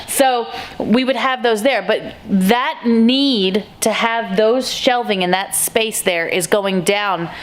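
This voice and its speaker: A woman's voice: on the high side, takes it slowly, hardly any pauses, slight background noise. A woman hosting a casual vlog, speaking candidly with restarts as she walks through her own small retail store. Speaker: vlog host, store co-owner.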